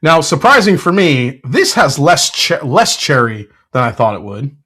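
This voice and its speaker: Excitable male whiskey reviewer. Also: a little high, measured pace, slightly rough. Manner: excitable, blurts sports trash talk; frequent fillers and self-corrections. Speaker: whiskey reviewer, show host. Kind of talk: casual tasting chat.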